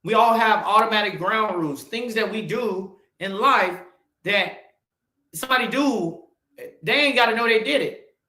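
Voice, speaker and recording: A podcast host in his forties gives a blunt, profane motivational monologue, swinging from loud urging to low, quiet asides. He speaks at a moderate pace in an echoey room.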